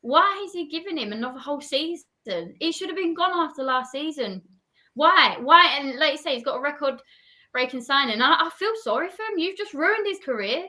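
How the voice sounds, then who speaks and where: A woman's voice: high voice, animated, brisk, sharp tone. A woman football fan ranting in frustration about her team in casual chat.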